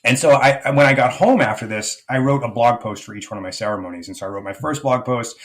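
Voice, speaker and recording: Guy on a podcast telling a wild personal story, talks fast, lots of "like"s, earnest. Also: medium pitch. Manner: earnest, frequent fillers like "like". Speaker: guest, life coach.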